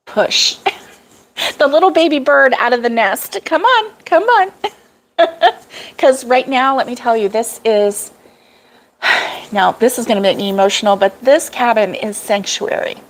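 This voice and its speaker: Heard through a rough recording, a middle-aged woman with a medium-pitched voice hosts a crochet live stream from her cabin in the woods. She keeps things chatty and casual, laughing frequently as she reads viewer comments out loud.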